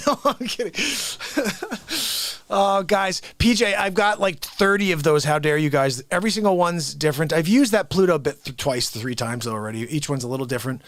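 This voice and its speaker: A man's voice: a little high, expressive, normal speed, dry recording. A man hosting a comedy show, chatting casually with viewers and chuckling between asides.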